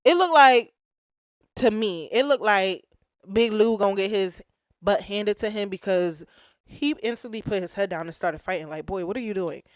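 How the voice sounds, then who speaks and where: A woman's voice: medium pitch, normal speed, dry recording, studio quality. Slangy woman recapping a reality show. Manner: animated, slangy, acts out quotes. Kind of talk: casual recap commentary.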